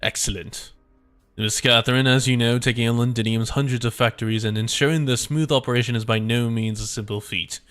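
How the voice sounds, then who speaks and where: A man's voice: medium pitch, steady tone, a little fast, a bit bright, smooth, soft background music, close to an everyday voice. A man voicing a suave villainous male factory overseer in a put-on French accent, in a pompous manner. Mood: smooth, menacing.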